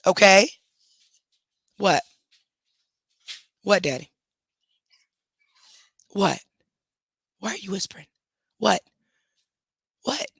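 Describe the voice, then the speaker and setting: Woman on a livestream fussing at her dogs, gravelly and bright, dry close mic. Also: medium pitch, expressive, very slow, long pauses, no echo. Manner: scolding her dogs, chatty asides to viewers. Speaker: livestream host. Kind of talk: casual livestream chat.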